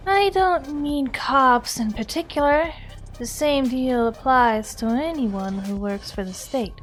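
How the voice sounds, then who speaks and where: A woman's voice: high-pitched, takes it slowly, soft background music. A woman reading a blunt cynical attorney. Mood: dry. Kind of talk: reading a game character aloud.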